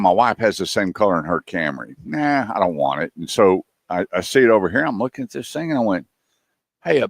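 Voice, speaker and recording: A low-voiced man spins a casual story on a radio show. He acts out each quote as he goes. The sound is dry and close. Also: vocal fry, no room sound.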